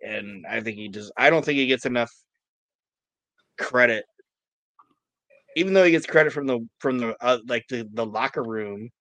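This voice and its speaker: A man co-hosting a wrestling podcast, telling stories in animated, swearing casual chat. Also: lowish voice, no echo. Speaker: podcast co-host.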